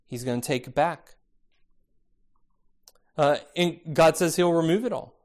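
A man preaching a sermon, expressive, asking rhetorical questions and acting out the voices he quotes. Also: fairly high pitch, unhurried, pauses often. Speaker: pastor.

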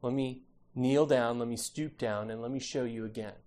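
A man voicing a gentle, patient parent softly coaxing a small child. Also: mid-range voice, fairly even intonation, moderate pace, pitched below the performer's own voice, lightly acted. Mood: tender. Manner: soft, hushed, kneeling-down tenderness.

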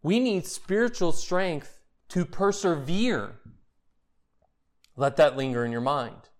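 A man's voice: on the high side, expressive, takes it slowly. A man preaching a sermon as pastor, building to emphatic peaks and asking repeated questions.

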